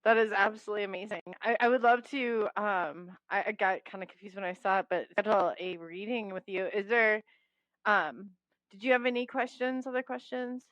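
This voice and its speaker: An enthusiastic woman hosts a casual radio interview, halting with fillers and restarts. The sound is dry with no room to it. The audio is dull and lo-fi. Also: mid-range voice, fairly even intonation, a bit bright, dry recording. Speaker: host.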